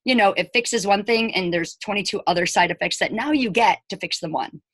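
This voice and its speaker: A woman's voice: medium pitch, fairly quick, no room sound. A woman in her forties, a teacher, chatting casually to camera about her own experience and acting out what others said. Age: 40s. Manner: chatty, retells scenes by quoting people in dialogue; emphatic, animated asides to viewers. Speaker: elementary school teacher. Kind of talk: casual personal storytelling to camera.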